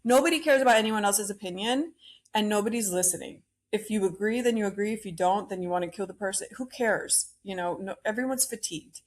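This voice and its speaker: A woman hosts her own podcast alone and airs her views bluntly, cursing freely as she rants about the latest celebrity news. Her voice sits in an ordinary middle pitch, and her strong opinions carry the talk. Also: a little fast. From Cuban-American. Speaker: podcast host. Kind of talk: solo opinion podcast rant.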